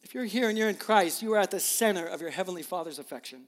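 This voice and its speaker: Earnest pastor in a reverberant hall. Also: male voice, high-pitched, lively intonation, quick pace. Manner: earnest, emotional, repeats words. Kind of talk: sermon.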